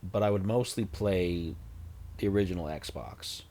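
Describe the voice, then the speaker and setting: A man's voice: low-pitched, measured pace, warm tone. A man in his forties chatting casually on a livestream, rambling with self-deprecating, jokey asides into a desk microphone. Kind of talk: casual stream chat.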